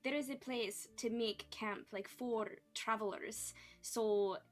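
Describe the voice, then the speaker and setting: This is a woman playing a practical elf wanderer in a tabletop game. She reasons calmly and reassures the others, with an in her speech. Faint music plays underneath. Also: a little high, takes it slowly. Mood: reassuring.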